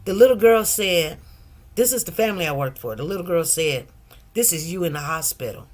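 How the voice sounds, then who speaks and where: A woman's voice: on the low side, lively intonation, brisk. A middle-aged woman, telling a personal story in a rambling, casual way, with many asides. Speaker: commentary channel host.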